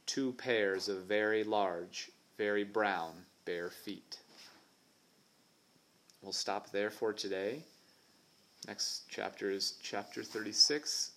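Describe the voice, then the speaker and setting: A man reading a children's novel aloud in a measured, suspenseful narrating voice. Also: fairly low pitch, fairly bright tone. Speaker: reader.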